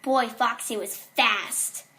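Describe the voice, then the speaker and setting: A woman's voice: a little high, fairly even intonation, slow pace, pushed and bright. A woman reading a horror story aloud in a casual way, with small slips and restarts.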